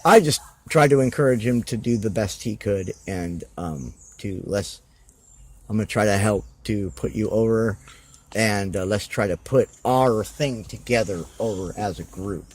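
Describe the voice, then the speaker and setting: A man's voice: on the low side, unhurried. A man talking casually as a podcast guest, rambling with many fillers and acting out quoted conversations. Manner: rambling, animated, full of fillers and acted-out quotes. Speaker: guest wrestler.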